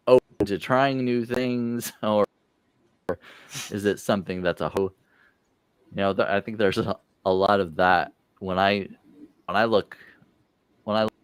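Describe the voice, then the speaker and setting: A man's voice: deep voice, smooth, no room sound. A man in a casual group chat who rambles, breaks off mid-sentence and chuckles. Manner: rambling, self-interrupting, chuckling.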